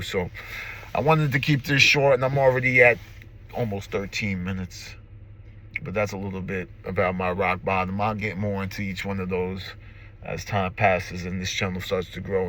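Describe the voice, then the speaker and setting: A man's voice: medium pitch, pushed and bright. A man in his forties sharing his recovery story in an earnest, emphatic way, emotional and close to tears, speaking from a car. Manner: earnest and emphatic, repeats slogans. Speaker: recovery vlogger. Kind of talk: personal testimony to camera.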